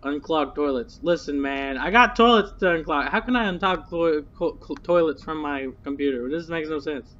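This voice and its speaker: A man's voice: fairly high pitch, normal speed, few pauses, a bit bright, lo-fi sound. A young man commentating a horror game, jittery and nervous, swearing and muttering to himself. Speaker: gamer.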